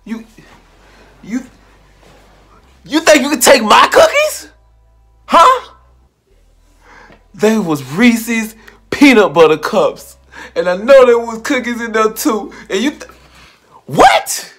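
A man's voice: sits high, huge pitch swings, slow, vocal fry, pauses often, music in the background, pitched above the performer's own voice, full character voice. A man putting on a hotheaded tough guy raging over snacks. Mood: mock fury. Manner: shouting, stammering threats.

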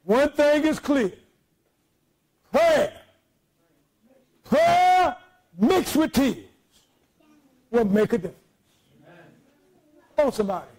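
A man preaching a sermon as pastor, shouting out to his congregation with folksy, joking asides. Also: very high-pitched, expressive, unhurried, long pauses, slightly rough, rough recording.

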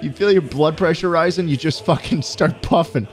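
A man giving profane, excitable let's-play commentary, often yelping and laughing. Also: a little high, moderate pace. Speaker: gaming YouTuber.

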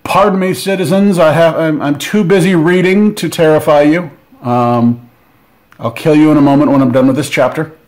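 A courteous, bored male monster, put on by a man, speaks a little higher than a normal voice. He is languid and prim, like a killer who would rather finish his chapter. It is a playful tabletop-miniature bit. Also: fairly even intonation, moderate pace, a little mellow, close to an everyday voice. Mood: mock polite.

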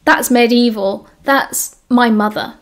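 A woman's voice: fairly high pitch, steady tone, slow pace. A woman voicing a bitter, dramatic British teenage boy. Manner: bitter, enunciating crisply.

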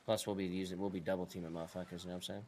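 A man streaming a video game, chatting casually with a teammate in relaxed, profane banter while they plan pranks. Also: deep voice, very fast, slight background noise. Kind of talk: casual gaming chat.

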